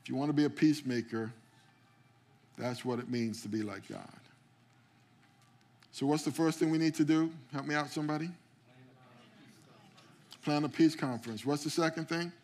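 A man's voice: a little high, moderate pace, long pauses, a little mellow. A man preaching a sermon as pastor, calling out to the congregation and often repeating words as he starts a phrase. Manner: preaching with call-outs to the congregation. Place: church sanctuary.

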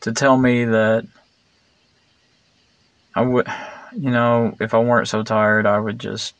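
A man's voice: medium pitch, flat delivery, takes it slowly, clean tone, dry recording. A man talking in a rambling opinion monologue, meandering and digressive, blunt and sarcastic, full of fillers and restarts. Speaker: vlogger.

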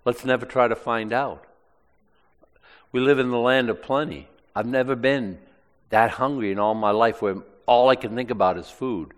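A man's voice: mid-range voice, fairly even intonation, normal speed, big-room sound. A male preacher reading aloud from the Bible and commenting on it in plain, conversational asides during a sermon.

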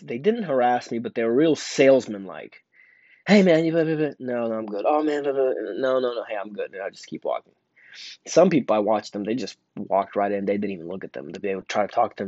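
Telling a meandering work story from his job at a store, this young adult man keeps filling gaps with fillers and restarting his sentences. His voice is lowish and a little mellow, captured in a dull, lo-fi, dry recording with no echo.

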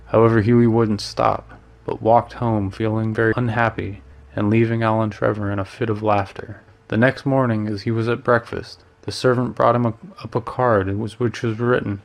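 A man reads a story aloud in a low voice. His delivery is steady and fairly flat, with little rise and fall. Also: normal speed, gravelly. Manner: steady, plain reading. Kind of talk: scripted narration.

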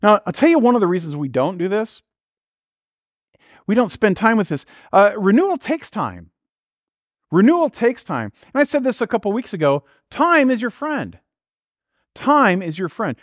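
A man's voice: high-pitched, big pitch swings, moderate pace, pauses often, no echo, studio quality. A man preaching a sermon as pastor, in a conversational style full of rhetorical questions and acted-out quotes.

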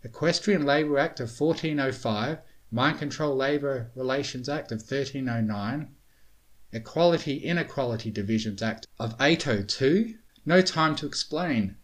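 Casting note: a man playing a bookish young mare princess, frazzled and high-strung, storybook reading. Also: moderate pace, close to an everyday voice. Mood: baffled. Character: flustered young female unicorn princess, bookish.

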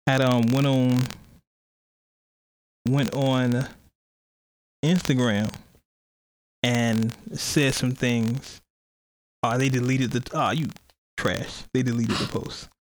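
A man's voice: mid-range voice, rough recording. A man hosting a podcast in casual chat, rambling and cursing, often laughing as he retells things. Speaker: podcast host.

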